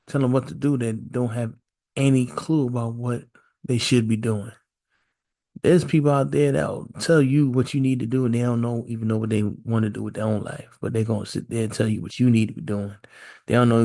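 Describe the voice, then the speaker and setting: Gravelly laid-back podcast host. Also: male voice, medium pitch, dark tone. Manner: rhetorical questions, repetitive, conversational. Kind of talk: casual solo podcast monologue.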